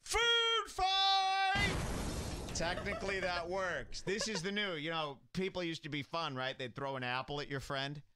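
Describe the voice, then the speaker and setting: A man's voice: on the high side, normal speed, few pauses, noisy background. A man hosting a comedy show, sarcastically mocking a clip he plays. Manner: sarcastic, with jokey exaggeration. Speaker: host. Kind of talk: mocking commentary over a clip.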